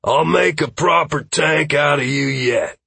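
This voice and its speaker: A man's voice: a little high, measured pace, gravelly, bright, forceful tone, slightly rough, dry recording, voice pushed up, full character voice. A man doing a boisterous, proud tank warrior.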